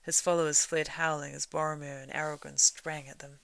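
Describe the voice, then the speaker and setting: A woman reading a novel aloud, keeping a steady storytelling pace that swells louder in the action. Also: deep voice, fairly quick, gravelly, dry recording. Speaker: reader.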